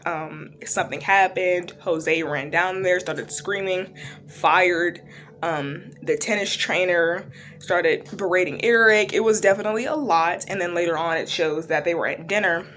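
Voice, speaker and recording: A woman with a slightly low voice talks through a true-crime series in a relaxed, rambling manner. She leans on "um" and "like" as she goes, and soft music plays faintly behind her. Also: a little slow. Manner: chatty, loose, lots of fillers and "like". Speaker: true-crime reaction vlogger. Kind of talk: casual retelling of a TV series.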